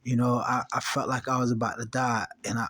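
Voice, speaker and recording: A man's voice: mid-range voice, level tone, brisk, bright, forceful tone. A man records a casual vlog outdoors near his home, recounting a story straight to his audience. He talks in loose street slang, repeats phrases for emphasis and keeps checking in with viewers. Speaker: vlogger telling a personal story.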